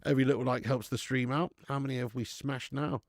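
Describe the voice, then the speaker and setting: A young man running a live football watch-along, swearing and chatting with viewers between bursts of excited commentary. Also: medium pitch, fairly quick, no echo, clean studio sound. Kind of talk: live match commentary and casual chat.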